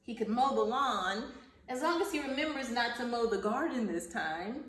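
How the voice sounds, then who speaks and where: A woman teacher giving a vocabulary lesson and reading a story aloud to children, speaking slowly and enunciating carefully, repeating words. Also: a little high, lively intonation, fairly bright tone. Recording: roomy, echoey sound from a distance off the mic.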